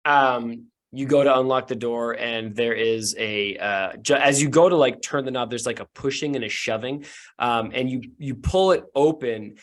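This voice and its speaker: A man's voice: mid-range voice, moderate pace. A man narrating a tabletop game as game master, loosely improvised.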